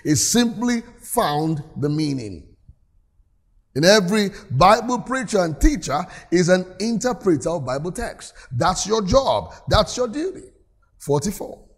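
A man's voice: high-pitched, big pitch swings, measured pace. A man preaching a sermon in a church, reading scripture aloud and calling on the congregation to answer him. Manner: preaches with call-and-response, reads scripture aloud. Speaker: pastor.

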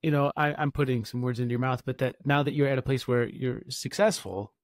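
A man's voice: mid-range voice, fairly even intonation, brisk, no room sound, clean studio sound. A man co-hosting a podcast, chatting easily and reading a show introduction, with frequent laughs. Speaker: podcast co-host. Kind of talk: podcast chat and scripted intro.

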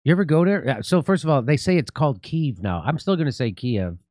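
A middle-aged man hosting a political commentary show, talking in a sarcastic, mocking way and slipping in deadpan jokes. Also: on the high side, fast talker, no echo, studio quality. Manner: mocking, deadpan jokes, laughs at own lines. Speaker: host.

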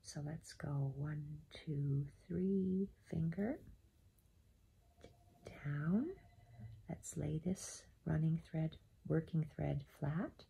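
A woman giving a step-by-step embroidery tutorial at home, softly counting her stitches aloud and often dropping to a half-whisper. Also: low-pitched, drawn-out words, creaky, slightly rough. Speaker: embroidery instructor.

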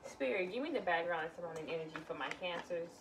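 A woman's voice: lowish voice, animated, quick pace, distant mic, noisy background. A woman doing a casual tarot reading, blunt and exclamatory, swearing freely as she lays out cards. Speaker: tarot reader.

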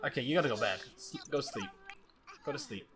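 A gaming channel host giving excitable, jumpy let's-play commentary, with frequent laughs and sudden exclamations. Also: medium pitch, brisk, noisy background.

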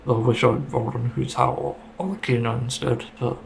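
A man's voice: medium pitch, level tone, a little fast, creaky, slight background noise, rough recording. A man giving a casual, rambling opinion monologue about a game, getting frustrated and swearing casually. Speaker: gaming video creator.

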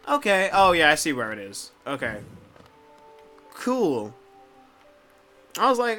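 A young man giving casual let's play commentary, rambling, swearing freely and talking to the screen, muttering quietly and then breaking into loud excited outbursts. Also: fairly high pitch, normal speed, long pauses, soft background music. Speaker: gameplay commentator.

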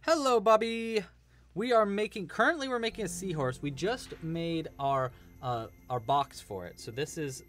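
A crochet teacher hosting a casual live crochet-along, chatty and enthusiastic, rambling a bit with restarts. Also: medium pitch. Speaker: crochet teacher and livestream host.

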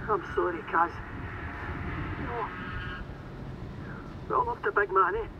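A woman's voice: medium pitch, slow pace. A woman with a Scottish accent voicing a tough, blunt rig worker speaking over a game radio. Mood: consoling. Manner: blunt, urgent, swearing. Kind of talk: video game voice acting. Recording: muffled noisy radio line.

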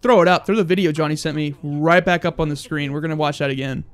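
Fast and fairly high-pitched with a clean tone, a young man provides profane, joking commentary on a game. As a gaming video host, he swears a lot and acts mock-angry for comic effect.

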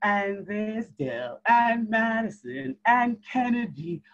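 Woman, cheerful greeting song, lively pitch, lo-fi call audio. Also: very slow, long pauses. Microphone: video call. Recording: dull video call audio.

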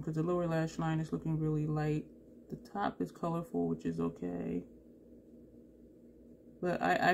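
Over slight background noise, a woman with a lowish, warm voice works through a makeup tutorial. This beauty vlogger chats as she goes, thinking out loud and catching her own slips.

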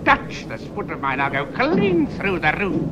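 A man's voice: sits high, wildly swooping pitch, normal speed. An actor playing a grumpy middle-aged man with gout who rants and flares up, in a 1970s radio comedy. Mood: furious. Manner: indignant ranting, flaring into shouts. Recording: hissy old radio tape.

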